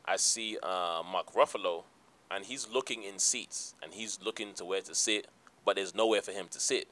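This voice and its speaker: Guy with a bright clear-ish voice just telling a story on a podcast, keeps repeating himself, does the quotes. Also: low-pitched. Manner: animated storyteller, acts out quotes, repeats phrases. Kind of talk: casual storytelling chat.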